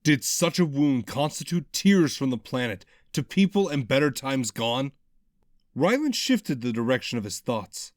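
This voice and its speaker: Expressive male audiobook narrator. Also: medium pitch, measured pace, dry recording, studio quality. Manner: dramatic, expressive reading.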